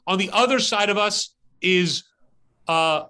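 Bright-voiced man telling a story. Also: high voice, measured pace, clean tone. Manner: animated, acts out his own story. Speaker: podcast host. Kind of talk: casual storytelling. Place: outdoors as rain starts.

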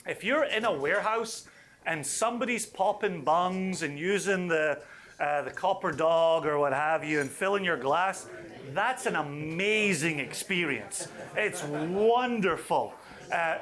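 A man leading a whisky tasting for a live audience, chatty and enthusiastic with quick asides. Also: sits high, fairly bright tone.

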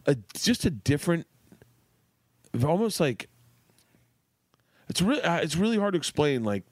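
A man, a guest comedian, telling animated, profane family anecdotes in casual podcast chat. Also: a little high, measured pace, dry recording. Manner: animated anecdotes, swearing and laughing.

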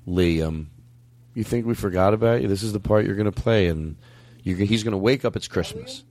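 A man's voice: lowish voice, fast talker, darkish tone. A man co-hosting a podcast in casual banter, joking and rambling, swearing often. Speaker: podcast co-host.

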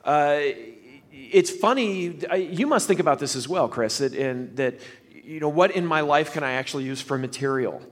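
A man's voice: on the high side, animated, moderate pace. A man who is a scientist, a guest on a podcast, talking thoughtfully and rambling with many restarts. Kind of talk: casual podcast conversation.

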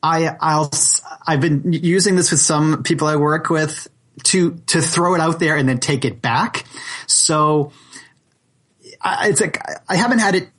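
A man's voice: fairly high pitch, unhurried. A man, a salary negotiation coach, telling stories as a podcast guest and acting out the quotes. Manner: animated storyteller who acts out quotes. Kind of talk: podcast interview.

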